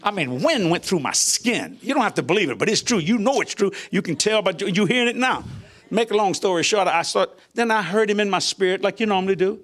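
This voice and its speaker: An older man, a minister, telling a lively personal testimony in a colloquial way, laughing often and jumping his pitch when he quotes people. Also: fairly quick. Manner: animated, laughing, colloquial, voices quotes with big pitch jumps. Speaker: guest minister. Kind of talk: testimony storytelling.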